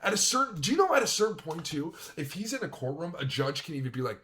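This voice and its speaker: A man with a slightly high voice vents furiously in a reaction stream. He swears freely and pushes his points hard. His talk is heated, blunt commentary. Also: big pitch swings, quick pace, bright, forceful tone. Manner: angry, profane ranting.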